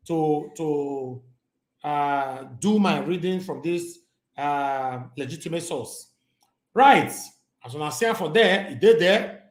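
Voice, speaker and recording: A man from Edo State with a Nigerian Pidgin accent, reading news articles aloud and breaking into animated, chatty commentary as an online news host. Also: high-pitched, roomy sound. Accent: Nigerian Pidgin English. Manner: animated, shifts between reading and chatty asides.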